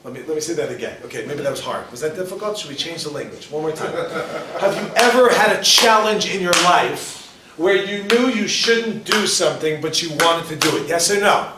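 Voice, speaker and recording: A man teaching a class as a rabbi, his voice sitting a bit high and full of teasing questions for the crowd. He is picked up from some distance in a roomy hall. A faint ambience hums behind him. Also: fairly quick, background noise. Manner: joking, questions the audience directly. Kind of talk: lively class to a live audience. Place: lecture hall with audience.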